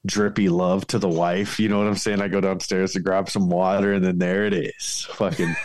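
A man's voice: low-pitched, level tone, moderate pace, a little mellow, dry recording. A man guesting on a casual podcast, talking in crude, profane, joking banter.

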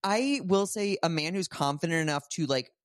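Teasing quick-witted woman co-host. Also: fairly low pitch, animated, dry recording, clean studio sound. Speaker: podcast co-host. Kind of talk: casual live podcast chat.

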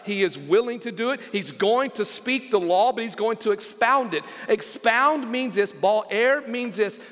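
A man's voice: sits high, a bit bright, in a large hall. A man preaching a sermon as pastor, emphatic and repeating key phrases, reading scripture aloud.

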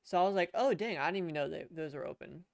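A young man chats on a podcast from his computer at home, spinning out a long, rambling story full of restarts and the odd curse. His voice is smooth and resonant, and the sound is close and dry. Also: on the high side, quick pace, dry recording. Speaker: podcast co-host. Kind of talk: casual chat. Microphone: headset.

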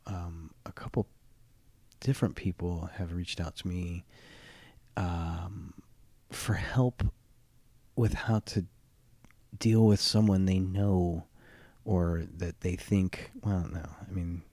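A podcast host speaks alone in a low-pitched, mellow, groggy early-morning voice with no echo. He talks haltingly, with many fillers and restarts.

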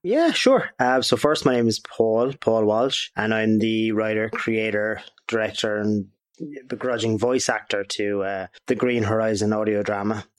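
A man's voice: fairly low pitch, a little slow. An Irish man talking over a video call as a guest about the audio drama he made, chatty, laughing often and restarting his sentences. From Ireland. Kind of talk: casual interview chat.

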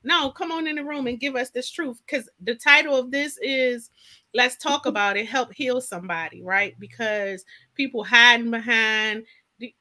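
Bright high-voiced preaching podcast host. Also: female voice, normal speed. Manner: lively, preachy, call-and-response. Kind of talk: casual faith talk.

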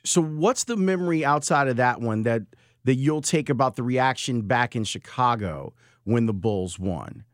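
A man's voice: medium pitch, dry recording, clean studio sound. A man in his forties hosting an interview and asking casual questions. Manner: conversational, halting with restarts. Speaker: podcast host.

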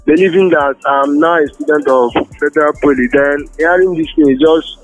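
A man's voice: on the high side, animated, a little fast, creaky, soft background music. A young man on a phone call. He pleads in a flustered way and keeps addressing the other man as sir. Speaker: prank call target.

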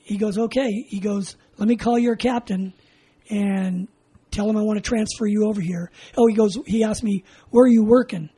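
This is a high-pitched, husky male voice at a moderate pace, captured on a low-quality recording. The speaker, an older Californian veteran, is being interviewed and animatedly recounts an oral history story, laughing often and acting out the dialogue.

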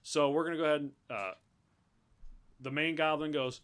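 A man's voice: on the high side, steady tone, moderate pace, fairly bright tone, clean tone. A man running a tabletop game as game master, casual and thinking aloud with restarts.

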